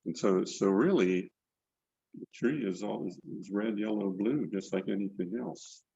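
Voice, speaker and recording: A man's voice: on the low side, a little slow, vocal fry, warm tone, slightly rough, no room sound, dull audio. An older man teaching a painting demonstration over a video call, talking loosely and repeating words as he paints. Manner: rambling, repeats words while working. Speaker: painting instructor. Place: indoor studio, online video session. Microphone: video call mic.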